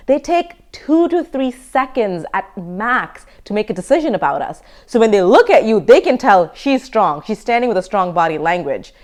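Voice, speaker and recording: A woman in her thirties teaching self-defense in an emphatic, energetic lecture style. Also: medium pitch. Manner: emphatic, energetic, laughs now and then. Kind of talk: online course lecture.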